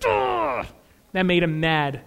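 A male pastor preaching a sermon with lively delivery, his voice jumping high and loud when he acts out the voices of churchgoers. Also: moderate pace. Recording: echoey hall with long reverb.

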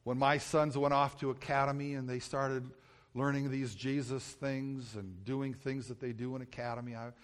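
A middle-aged male pastor delivers a sermon in a mid-range voice, flat and at normal speed. He tells stories about himself, mocking himself along the way and acting out his own yelling.

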